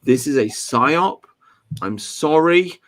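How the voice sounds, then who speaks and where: A man's voice: fairly high pitch, animated, slow pace. Emphatic English male stream host. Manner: emphatic, ranting, with repeated restarts. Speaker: livestream host. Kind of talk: casual political chat.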